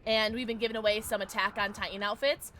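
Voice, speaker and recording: A woman's voice: mid-range voice, fast. A woman streaming a video game live, chatting with her viewers, squealing greetings and swearing casually. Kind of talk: live gaming stream chat. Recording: noisy stream with steady background hiss.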